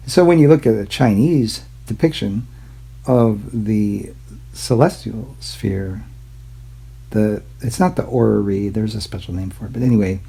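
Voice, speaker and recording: A man's voice: fairly low pitch, measured pace, gravelly, mellow, husky, low-quality recording. A man hosting his own channel, rambling casually and irreverently about old maps, swearing and mocking himself. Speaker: YouTube channel host.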